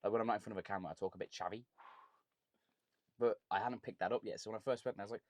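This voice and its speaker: Speaking in a Birmingham accent, this young English cigar content creator is a podcast guest spinning stories through blunt, joking banter, lively throughout. His voice sits on the low side and races along, broken by long pauses, on a dry recording.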